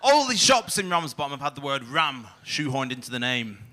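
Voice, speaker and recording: A man's voice: medium pitch, big pitch swings, brisk, sharp tone, slight background noise. A young man doing a crude, self-mocking stand-up set in a comedy club, teasing the crowd. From England.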